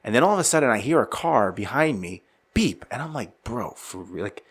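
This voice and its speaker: A man's voice: medium pitch, brisk, husky. A man co-hosting a casual podcast, joking and swearing as he acts out his own thoughts. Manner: profane, jokey, animated storyteller who reenacts his own thoughts. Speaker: podcast co-host.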